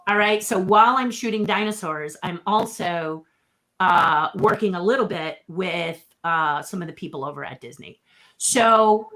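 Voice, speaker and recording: A woman's voice: on the low side, a little slow, fairly bright tone. A middle-aged woman who is a puppeteer, telling stories as a guest in a casual interview. She acts out quotes and laughs often.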